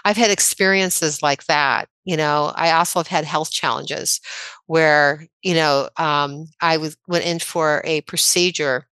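A woman in her sixties from the American Midwest, a chiropractor telling personal stories in a casual interview, chatty and quick to laugh. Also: low voice, steady tone, fairly bright tone, clean tone, no room sound. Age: 60s. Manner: chatty, anecdotal, laughs often. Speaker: podcast guest, chiropractor.

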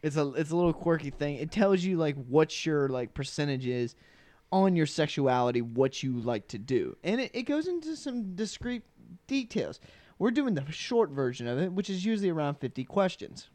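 A man's voice: on the high side, big pitch swings, normal speed, a little mellow, no room sound. A young man hosting a podcast in casual chat, rambling, laughing often and restarting his sentences. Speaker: podcast host.

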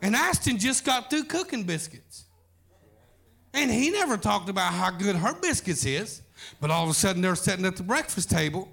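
A man's voice: high-pitched, sing-song, normal speed, creaky, fairly bright tone. A man preaching a sermon, telling a folksy story as pastor.

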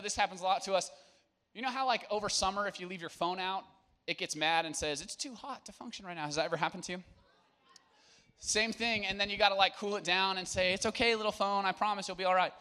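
A man's voice: high voice, pushed and bright. A young man preaching to young people at church, casual and joking, then turning earnest. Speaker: youth pastor.

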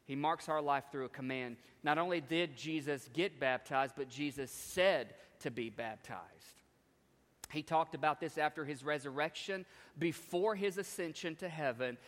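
A man's voice: fairly high pitch, normal speed, a bit bright. A man preaching a sermon as pastor, emphatic, with repetitions and call-outs to the congregation. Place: church sanctuary. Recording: long hall reverb.

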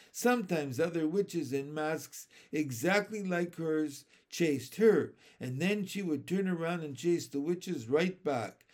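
A man narrating a children's book aloud with steady, expressive storytelling. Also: a little high.

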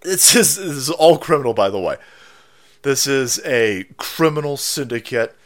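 A man's voice: medium pitch, lively intonation, normal speed. A man hosting a stream, ranting and mocking in a foul-mouthed commentary style. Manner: foul-mouthed, mocking, acts out silly voices. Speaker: streamer host.

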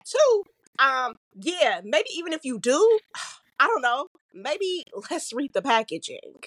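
A woman's voice: high voice, sing-song, slow pace, fairly bright tone, no echo. A woman co-hosting a casual podcast, talking to listeners in a wry, lecturing way. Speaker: podcast co-host. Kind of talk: casual chat.

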